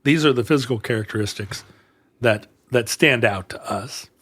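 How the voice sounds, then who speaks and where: A man's voice: medium pitch, normal speed, fairly bright tone, breathy edge, dry recording, studio quality. A man co-hosting a comedic podcast, telling a true story in a rambling, jokey way. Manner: rambling, jokey, playful asides. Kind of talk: casual comedic podcast chat.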